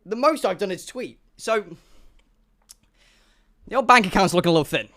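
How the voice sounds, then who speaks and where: A young man, a streamer telling an animated, sweary storytime to his chat and acting out the dialogue. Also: high-pitched, normal speed. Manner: excitable, swearing, acts out dialogue.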